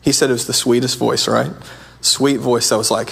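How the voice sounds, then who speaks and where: Gravelly-voiced man preaching earnestly. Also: medium pitch, fairly even intonation, normal speed, a bit bright. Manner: earnest, conversational preaching with many restarts. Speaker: pastor. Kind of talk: sermon.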